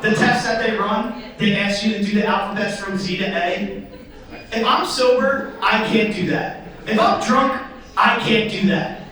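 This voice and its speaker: A young man doing stand-up comedy in a theatre, telling stories in an animated way and acting out voices. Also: measured pace, very echoey, far from the mic, poor audio. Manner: animated, acts out voices with sudden high squeals. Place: theatre stage before a live audience.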